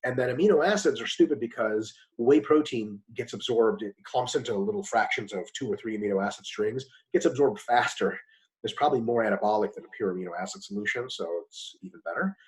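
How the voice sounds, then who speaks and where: A man answering interview questions bluntly and emphatically, swearing casually as he explains. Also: poor audio. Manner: fast with sudden pitch jumps. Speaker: guest expert.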